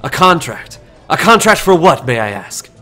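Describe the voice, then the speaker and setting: A brash prince who fears no one and fires off pointed questions, voiced by a man running a tabletop game. His voice sits at an ordinary pitch, with faint music behind the table talk. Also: steady tone, quick pace, lightly acted. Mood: challenging. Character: brash commanding male prince, fearless and suspicious.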